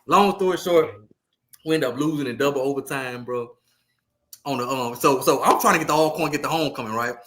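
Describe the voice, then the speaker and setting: A man, a podcast co-host and youth football coach, telling a story in animated, casual talk with lots of repeated words. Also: mid-range voice, fairly quick.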